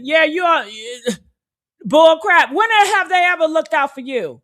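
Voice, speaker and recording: A woman hosting a casual commentary video, talking straight to her viewers in an outspoken, animated rant. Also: very high voice, measured pace. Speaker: commentary host.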